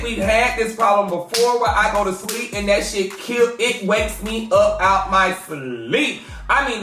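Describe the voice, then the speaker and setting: A woman with a Southern American accent tells a storytime in an animated, profane way, jumping up high to act out what she said. She sounds a little far from the mic in an echoey room, with faint music underneath. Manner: animated, swears a lot, acts out her own lines in a high loud voice. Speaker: vlogger telling a story.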